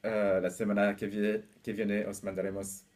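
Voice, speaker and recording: A man co-hosting an English lesson, explaining false friends mostly in Spanish, unhurried with frequent hesitations. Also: lowish voice. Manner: relaxed, hesitant with many fillers, laughs easily. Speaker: English teacher. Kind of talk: bilingual language lesson chat.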